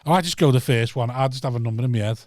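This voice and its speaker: A man's voice: medium pitch, very fast, darkish tone, no echo, studio quality. A man hosting a podcast, cheeky and sweary, often breaking into laughs. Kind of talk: casual chat.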